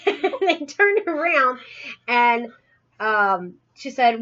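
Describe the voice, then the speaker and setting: A woman's voice: fairly high pitch, expressive, normal speed, pushed and bright. Giggly woman telling a joke, muffled audio. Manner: giggly storyteller, laughs often. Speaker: podcast co-host. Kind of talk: casual chat.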